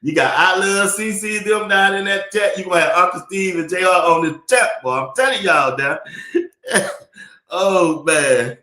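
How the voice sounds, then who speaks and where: A man's voice: high-pitched, a little slow, bright, forceful tone. A man hosting a live sports talk stream, laughing often and chatting loosely while reading viewer comments. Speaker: livestream sports talk host. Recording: echoey room.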